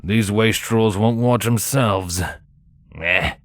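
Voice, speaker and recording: A man's voice: fairly low pitch, slow. A man voicing a scoffing stallion guard with a thick accent in an audiobook fanfiction reading. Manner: thick accent, rough and mocking.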